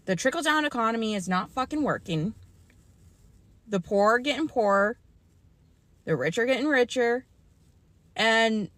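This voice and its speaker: A woman's voice: medium pitch, a bit bright, no echo. A young adult woman venting heatedly into her phone, swearing often as she complains. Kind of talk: angry vlog rant.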